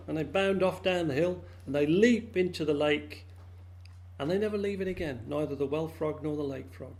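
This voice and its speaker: A man telling a folk tale to friends over a video call, lively and animated, jumping into high squeaky voices for the characters. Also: moderate pace, vocal fry. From England. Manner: lively, acts out frog voices with big pitch jumps. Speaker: storyteller.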